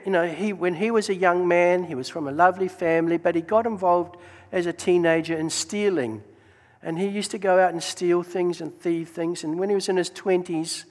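A man telling faith stories in a church testimony talk, animated and exclaiming praise. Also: high-pitched. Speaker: Gideons member giving testimony. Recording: long hall reverb.

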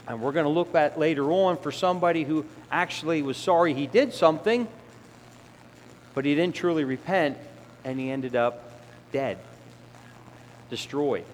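A man's voice: on the high side, normal speed, long pauses, slight background noise. Male preacher in a reverberant hall. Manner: conversational, acts out voices of sinners and children. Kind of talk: sermon. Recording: long hall reverb, faint ambience.

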